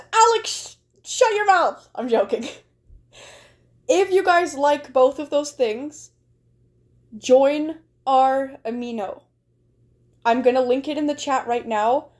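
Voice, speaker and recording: Chatty woman livestreamer, higher voice. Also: darkish tone. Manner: rambling, chatty, heavy use of "like". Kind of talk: casual livestream chat.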